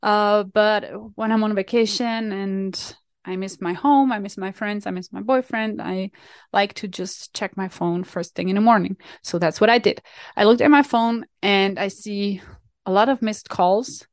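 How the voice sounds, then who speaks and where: A woman's voice: mid-range voice, steady tone, a little slow, dry recording. A young woman from Switzerland, chatting casually to her viewers and telling a self-mocking story with lots of fillers and restarts. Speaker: vlogger.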